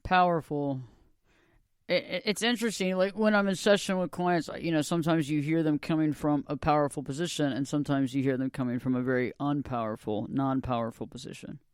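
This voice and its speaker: Smooth-voiced enthusiastic male podcast host. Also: on the high side, fairly even intonation, brisk, no room sound, clean studio sound. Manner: enthusiastic, repeats words as he starts. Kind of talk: podcast interview.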